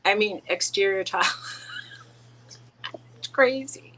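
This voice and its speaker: A woman's voice: mid-range voice, slow pace, fairly bright tone, a little hiss or hum, rough recording. Middle-aged woman, casual chat co-host, rambling anecdotes, frequent restarts, laughing. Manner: rambling storyteller, laughs often, many restarts.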